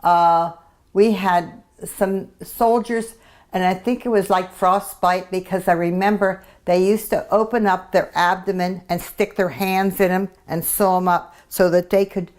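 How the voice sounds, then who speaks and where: A woman's voice: fairly low pitch, steady tone, a little slow, a little mellow. A woman in her eighties, a veteran interviewee, speaking reflectively in an oral history interview with frequent restarts. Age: 80s.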